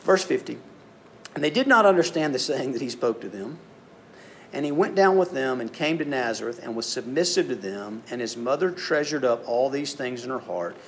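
Animated man giving a youth sermon. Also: mid-range voice, normal speed, a little hiss or hum. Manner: animated storytelling, acts out voices. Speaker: youth speaker.

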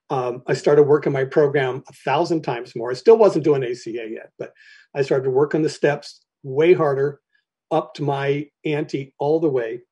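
A middle-aged man telling his personal recovery story to a meeting, halting and candid, often clearing his throat between phrases. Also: mid-range voice, mellow.

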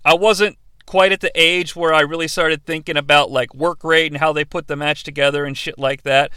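Brief: high, crisp man in his thirties, sarcastic podcast host on a dry close mic. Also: fairly even intonation, moderate pace, pushed and bright, no echo. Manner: playful, sarcastic, jumps into impressions. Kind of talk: comedic wrestling review podcast.

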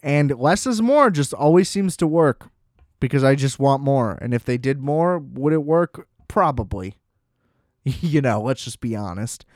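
A man's voice: medium pitch, lively intonation, measured pace, a little mellow, no echo, clean studio sound. A young man chatting casually on his own, rambling, swearing freely and laughing often. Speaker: solo vlogger. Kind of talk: casual chat.

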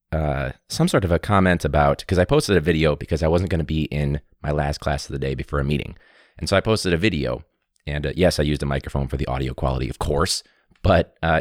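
A man's voice: very deep voice, no room sound. A man who teaches, hosting his own podcast in a candid, rambling, wry way on a studio mic. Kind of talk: casual solo podcast talk. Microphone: studio mic with pop filter.

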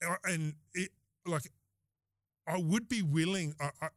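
A slightly high-voiced Australian man chats on a podcast, telling a story with lively energy and plenty of laughter. He acts out the lines of the people in it, and the recording is close and dry. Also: measured pace, dry recording. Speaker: podcast host. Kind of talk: casual storytelling chat.

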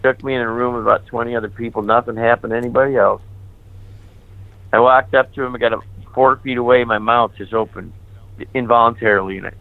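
A man who is a priest tells his own story with candid, lively energy and slips into the voices of the people he quotes. His voice comes through thin and tinny, like over a phone line, with a dry, close sound. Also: mid-range voice, fast, gravelly, no echo. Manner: animated, candid, acts out remembered dialogue. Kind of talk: personal testimony storytelling.

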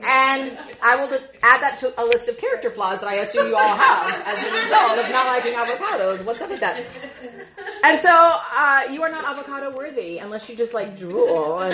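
A woman speaking at a women's ministry gathering, telling a funny story to a live audience. She is chatty and animated, laughs often and uses lots of "like". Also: fairly high pitch. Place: event room. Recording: echoey, muffled room recording.

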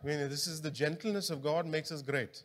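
Conversational preacher. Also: male voice, fairly high pitch, steady tone, a little fast. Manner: conversational, engaging the congregation with questions. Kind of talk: sermon. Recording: long hall reverb.

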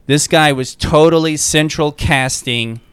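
Male co-host, smooth mid voice, loose anecdotal delivery. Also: on the high side, measured pace, fairly bright tone, dry recording. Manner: rambling, quotes others in anecdotes. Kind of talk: casual chat, storytelling.

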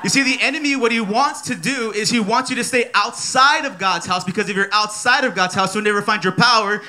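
Thirtysomething guy preaching at church, high voice, bright tone, playful, keeps repeating his main points. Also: fairly quick. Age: 30s. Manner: energetic, playful, repeats key phrases. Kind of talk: sermon. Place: church service.

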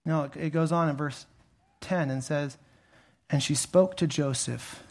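A male pastor preaching a sermon in a conversational way, rising to emphatic peaks and dropping low again, with frequent restarts. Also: fairly even intonation, a little slow.

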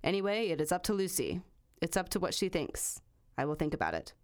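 A woman's voice: on the low side, big pitch swings, brisk. A woman hosting a true crime podcast, reading a long passage aloud and then chatting casually, swearing freely. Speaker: podcast host.

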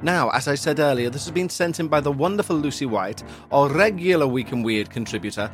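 A man's voice: medium pitch, expressive, brisk, soft background music. A man hosting a ghost-story podcast, chatting casually with puns and jokes, then reading a news story aloud. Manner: jokey, punning, chatty. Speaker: podcast host.

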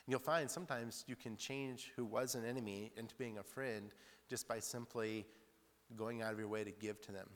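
A man's voice: lowish voice, fairly even intonation, normal speed. A male preacher giving a sermon in a chatty, storytelling way, often laughing and tossing in "like" asides. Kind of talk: sermon with personal stories. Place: church hall. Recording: long reverb in church hall.

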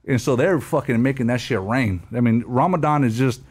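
A man in his thirties tells stories in a loose, slangy way, swearing constantly and breaking into laughs. His voice sits at an ordinary middle pitch. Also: a little fast, darkish tone, breathy edge. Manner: slangy, profane, storytelling with laughs. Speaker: guest telling war stories. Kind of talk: casual podcast chat.

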